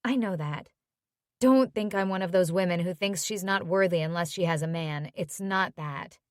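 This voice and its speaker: A woman reading an audiobook, voicing a heartbroken young woman who is soft-spoken and wry. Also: fairly low pitch, moderate pace, dry recording, clean studio sound, natural voice. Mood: glum.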